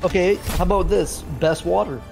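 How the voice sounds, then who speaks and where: A man's voice: sits high, steady tone, moderate pace, vocal fry, over music. A man streaming a game with friends, chatting casually with blunt, offhand remarks. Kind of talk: casual chat while playing a game.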